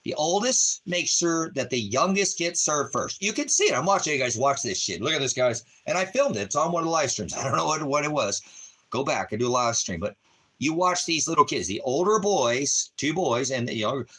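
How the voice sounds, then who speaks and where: A man's voice: medium pitch, fairly quick, slightly rough. Profane, rambling rural livestreamer man. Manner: profane, animated, talks to chat viewers. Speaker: livestream host. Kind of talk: casual rambling livestream monologue. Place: Christmas Valley area, rural.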